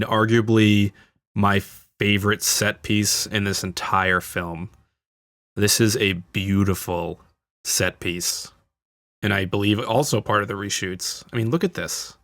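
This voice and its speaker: A man's voice: fairly low pitch, fairly bright tone, no echo, studio quality. A man hosting a casual film commentary, talking like an enthusiastic fan with frequent fillers and restarts. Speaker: channel host.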